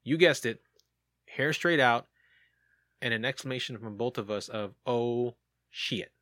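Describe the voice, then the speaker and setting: A man's voice: medium pitch, moderate pace, sharp tone, dry recording, studio quality. A man hosting a casual podcast, reading sighting reports aloud and joking about them. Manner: jokey, reads reports aloud with asides.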